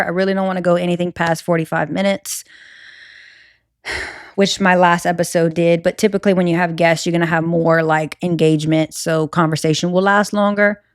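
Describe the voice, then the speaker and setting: A woman's voice: fairly low pitch, no room sound, clean studio sound. A young woman with a Cajun accent hosting a solo podcast, talking candidly with lots of fillers and restarts. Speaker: podcast host.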